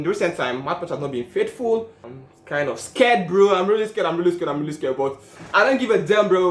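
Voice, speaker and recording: Excitable man in an echoey room. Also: on the high side. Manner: excitable, pleading and swearing while betting. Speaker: gambling vlogger. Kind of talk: casual narration and live reactions.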